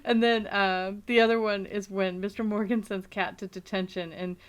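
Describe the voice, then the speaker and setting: A woman's voice: medium pitch, flat delivery, normal speed, clean tone. A woman co-hosting a casual podcast chat, reading out film quotes and laughing between them. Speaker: podcast co-host.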